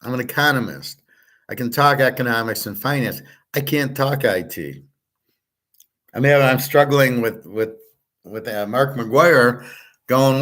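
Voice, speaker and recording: A man's voice: mid-range voice, a little slow, a bit bright. A man hosting a sports-betting show, talking through his picks in a blunt, rambling, profane way. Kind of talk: casual betting picks talk.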